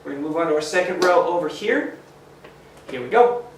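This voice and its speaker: Male teacher for a kids' phonics lesson, slow and encouraging, a bit high, echoey room. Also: expressive, slight background noise. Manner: slow, encouraging, sounds out letters. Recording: echoey room, mic at a distance.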